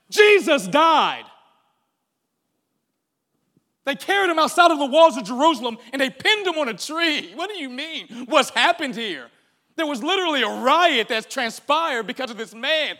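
A man voicing exasperated disciples, high and loud. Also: wildly swooping pitch, slightly rough, long reverb tail, exaggerated voice. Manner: loud, mocking, rapid-fire questions. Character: two exasperated male disciples, incredulous.

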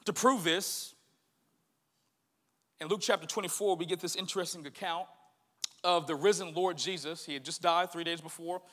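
A male pastor preaching a sermon, animated and swinging from hushed to loud. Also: fairly high pitch, moderate pace, pauses often.

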